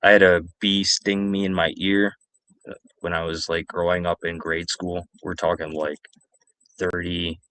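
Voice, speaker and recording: A man's voice: low voice, flat delivery, unhurried, fairly bright tone, no room sound. A man in his forties telling rambling, profane stories alone on a stream, repeating himself. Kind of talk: casual storytelling.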